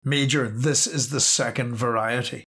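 A man's voice: mid-range voice, fairly even intonation, measured pace, fairly bright tone, slightly rough. A man voicing a tense, paranoid male soldier giving clipped, urgent orders. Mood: grim.

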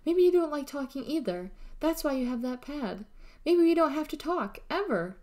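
A woman's voice: sits high, very animated, a little mellow, pitched above the performer's own voice. A woman voicing a shy, stammering, lonely boy while reading a storybook aloud. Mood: hopeful. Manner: halting, stammering.

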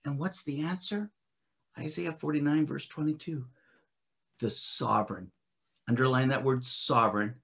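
A man preaching a sermon as a ministry director, swinging from loud emphatic bursts to quiet scripture reading, with frequent restarts. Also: mid-range voice, normal speed, creaky, long pauses. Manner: restarts and filler uh often.

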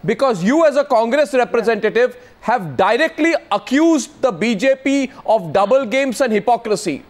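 A man's voice: extremely high pitch, expressive, normal speed, few pauses. A man moderating a televised political debate, commanding and repeatedly pressing the guests for answers. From India.

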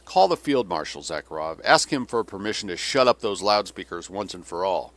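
A man's voice: low-pitched, lively intonation, brisk, a bit bright. A man voicing a weary, cynical older male Russian general who delivers sardonic, bitter tirades.

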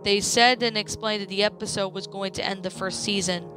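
A woman narrating a creepypasta story in a plain, steady reading voice. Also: mid-range voice, brisk, faint music behind.

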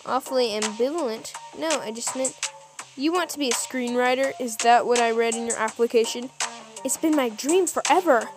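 A woman voicing a bossy, sharp-tongued male film director who scolds his staff, with music playing underneath. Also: fairly high pitch, moderate pace, lightly acted. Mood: brisk.

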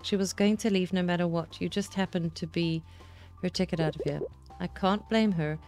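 A woman reading a gentle consoling mother bear. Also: fairly low pitch, fairly even intonation, normal speed, lightly acted. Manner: soothing, motherly. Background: game music.

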